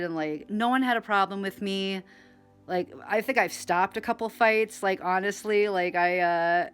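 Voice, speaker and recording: A woman's voice: mid-range voice, a bit bright. A woman, a former club dancer, casually telling stories in a rambling way, full of fillers and swearing, acting out what others said. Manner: rambling, filler-heavy, swears a lot, acts out others' lines. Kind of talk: casual storytelling.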